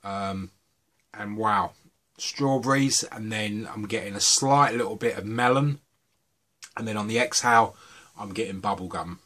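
A man's voice: lowish voice, measured pace. Chatty British man reviewing vape juices. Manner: chatty, relaxed, rambling asides. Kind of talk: casual video review.

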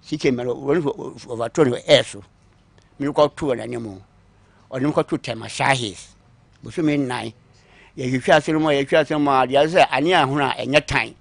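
A man recounting his own long story on a talk show, acting out what others said to him, moving between quiet asides and louder bursts. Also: medium pitch, a little fast, gravelly, no echo. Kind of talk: call-in story telling.

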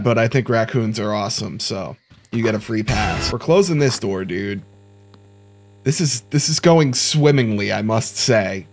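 A young man giving casual, joking let's-play commentary, talking to himself with sudden startled outbursts. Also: medium pitch. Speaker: gaming YouTuber.

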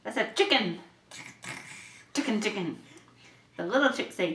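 Bright, lively mother reading to a toddler. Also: medium pitch. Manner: slow, patient, lively questioning with playful animal noises. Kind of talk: reading picture books aloud to a toddler. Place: home room. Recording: roomy home video from a distance.

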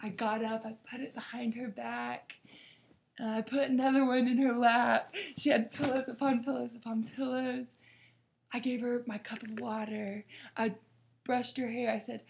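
A woman's voice: on the high side, flat delivery, moderate pace, vocal fry. A woman giving an earnest devotional talk as a youth Bible study leader, acting out quotes with feeling. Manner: earnest, preaching, acts out quotes dramatically.

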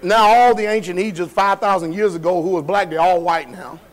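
This pastor's voice is high and brisk, and the recording is rough. Preaching in a church sanctuary, he asks his congregation questions, keeps his language colloquial, chuckles at his own lines, and moves between loud and soft passages.

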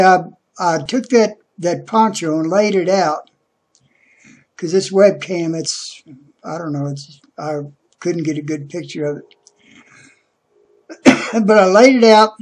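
A man talking casually into a webcam about a package, hesitant, with many pauses and restarts. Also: high-pitched. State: out of breath. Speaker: vlogger. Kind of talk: casual unboxing vlog.

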